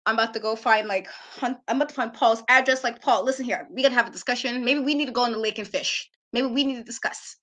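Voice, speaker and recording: A woman's voice: fairly high pitch, quick pace, a bit bright. A woman hosting a wrestling talk show, giving casual, opinionated commentary in an emphatic, ranting way and laughing often.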